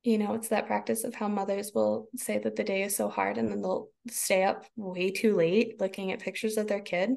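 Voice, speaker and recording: Podcast guest, woman, 30s; raspy fry, lively and expressive, voices her own thoughts. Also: mid-range voice, normal speed, hardly any pauses. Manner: expressive, laughs often, acts out her own inner voice. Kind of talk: casual conversation.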